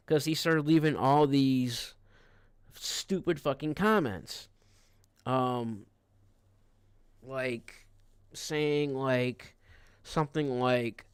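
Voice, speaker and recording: Guy ranting on his stream, swears a lot, keeps restarting, smooth clear voice, dry close sound. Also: medium pitch, animated, measured pace, no room sound. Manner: rambling, profane, frequent restarts. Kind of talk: casual ranting livestream.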